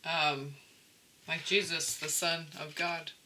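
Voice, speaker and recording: Man, tarot reader, casual chat, rambling, keeps checking in, slightly high voice. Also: level tone, slow pace, pushed and bright, slight background noise, poor audio. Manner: rambling, checks in with "okay?" often.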